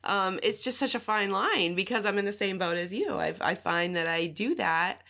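A woman's voice: medium pitch, moderate pace, bright, forceful tone. A woman host and fellow mother, talking frankly and reflectively in a casual chat, laughing easily.

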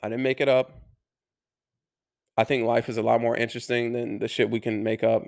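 A man earnestly telling a personal story to camera, halting and restarting his words, with some swearing. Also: mid-range voice, flat delivery, gravelly, darkish tone. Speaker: vlogger.

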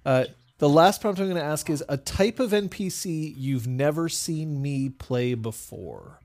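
A man's voice: a little high, expressive, a little slow, darkish tone. A young man running a tabletop game as game master, chatting casually and laughing at himself with his players.

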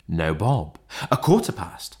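Expressive male audiobook narrator. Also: sits low, slow pace. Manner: expressive, theatrical.

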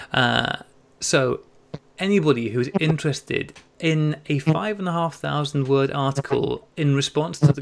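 An Englishman co-hosting a podcast in casual chat, reading out listener emails with easy laughs and quick asides. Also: medium pitch, gravelly. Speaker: podcast co-host.

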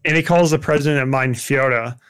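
A man's voice: medium pitch, a little fast, fairly bright tone, clean tone. A young man chatting casually about films, rambling with lots of fillers and restarts.

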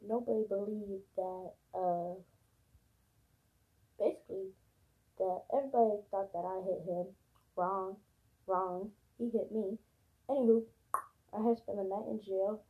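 A young woman venting in a casual vlog monologue, blunt and profane, repeating herself for emphasis, her voice husky and gravelly. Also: mid-range voice, mellow. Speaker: vlogger. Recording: lo-fi phone-like audio.

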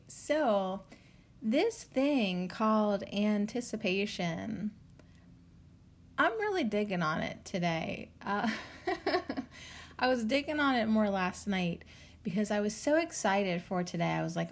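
A woman's voice: medium pitch, very animated, takes it slowly. A woman hosting a casual solo podcast, chatty and bubbly, rambling with lots of fillers and little giggles. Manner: loose, rambling talk with many fillers. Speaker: podcast host.

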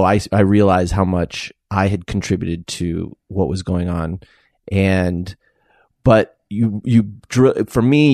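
Male podcast co-host, low voice, hesitant and reflective, dry studio sound. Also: a little mellow, no echo. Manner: thoughtful, hesitant, many fillers. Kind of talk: casual advice chat.

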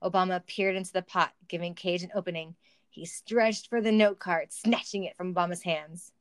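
A woman's voice: fairly low pitch, steady tone, normal speed, clean tone, no room sound. A woman reading a silly story aloud for comedy, with wry asides and laughter. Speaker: reader of a fan story.

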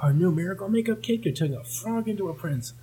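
A man voicing a sleazy male salesman pushing makeup, in a chirpy sales-pitch manner with a husky voice. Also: expressive, fast talker, mellow, exaggerated voice. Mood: salesy.

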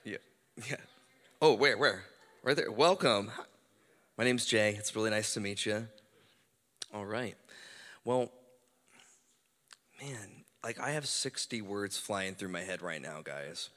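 A man preaching at a church service in a casual, conversational way with many fillers, dropping to a hushed, slow voice when he prays. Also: on the low side, animated. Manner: softens to a hushed, slow voice in prayer. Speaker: guest preacher. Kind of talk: charismatic church sermon and prayer. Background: instrumental music.

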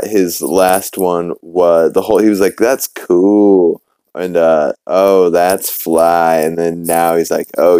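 A man's voice: low-pitched, dark tone, clean tone, dry recording. A man hosting a podcast, recapping a cartoon episode in a rambling, sarcastic way with lots of fillers. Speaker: podcast host. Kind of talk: casual recap commentary.

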